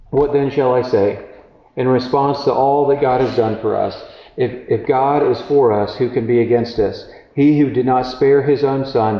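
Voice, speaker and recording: A man preaching a sermon in a conversational way, often halting and restarting as he reads and comments on scripture. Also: mid-range voice, roomy sound, lo-fi sound. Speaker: pastor.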